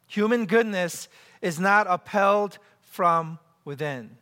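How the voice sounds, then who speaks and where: A man preaching a sermon to his church, animated, acting out scenes and leading the congregation in call-and-response. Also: slow pace, smooth. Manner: animated, acts out scenes and quotes with big pitch jumps. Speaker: pastor. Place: church sanctuary. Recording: long hall reverb.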